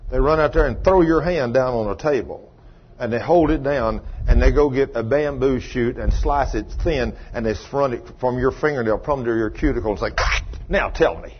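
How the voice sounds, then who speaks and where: A man's voice: medium pitch, moderate pace, slightly rough. An older man preaching a sermon, telling the story in a folksy way and acting out the lines of the people in it. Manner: folksy storytelling with acted-out dialogue. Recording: muffled lo-fi recording.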